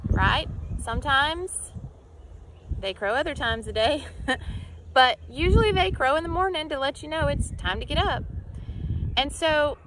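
A woman's voice: sits high, background noise. A woman teaching children in church, telling a Bible story with acted-out voices and questions to the kids.

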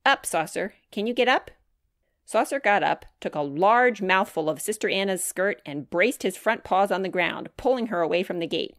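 A woman reading her own children's chapter book aloud, narrating in a clear, measured way. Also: mid-range voice, animated, no echo, clean studio sound.

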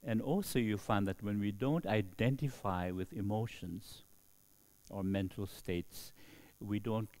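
A middle-aged man speaks as a Buddhist monk giving a dharma talk. His voice sits fairly low, and he talks slowly with many pauses. He keeps checking in with his listeners with a soft questioning "hmm?". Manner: slow, with frequent questioning "hmm?".

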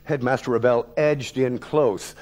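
A man's voice: fairly even intonation, unhurried. A man in his sixties, an actor and lecturer, telling a story from his childhood in a vivid, wry, theatrical way. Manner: dramatic, vivid, wry delivery with big swings in pitch and loudness.

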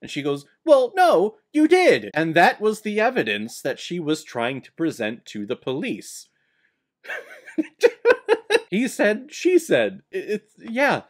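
Animated, sarcastic young male movie reviewer. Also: on the high side, unhurried, few pauses. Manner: animated, sarcastic, swings between soft and loud.

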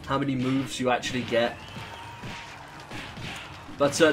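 A young British man giving rambling, jokey, sweary commentary while playing a video game. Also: medium pitch. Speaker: gaming YouTuber. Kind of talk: gameplay commentary.

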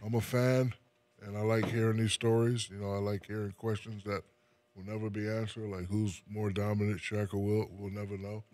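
A man's voice: on the low side, little pitch movement, normal speed, darkish tone, no echo. A man from New Jersey, a retired basketball player being interviewed, speaking in a laid-back way and often repeating words as he starts a sentence. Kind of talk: casual interview chat.

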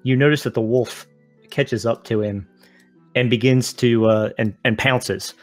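A man narrating a tabletop game as game master, with dramatic descriptions and filler pauses. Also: medium pitch, steady tone, faint music behind.

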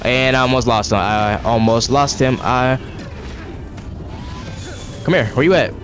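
A man's voice: medium pitch, unhurried, music in the background. A man giving profane, exasperated running commentary while playing a video game. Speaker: gaming streamer. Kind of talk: live gameplay commentary.

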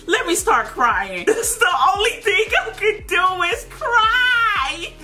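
A woman's voice: very high voice, big pitch swings, takes it slowly, over music. A young woman giving playful gameplay commentary, dramatic and laughing as she talks to her viewers. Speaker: gaming video creator.

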